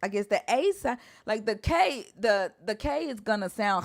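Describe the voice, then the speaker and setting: A woman's voice: mid-range voice, big pitch swings, measured pace, gravelly, dry recording, clean studio sound. A young woman hosting a casual chat, hesitant and trailing off as she sounds out words, swearing now and then. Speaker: podcast host. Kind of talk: casual chat about Hebrew translation.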